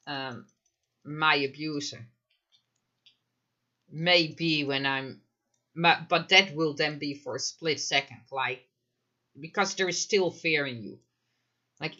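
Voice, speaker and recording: A man's voice: a little high, sharp tone, dull audio. A man commenting live in a casual chat, emphatic, firing off rhetorical questions and frequent fillers. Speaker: mental health commentator.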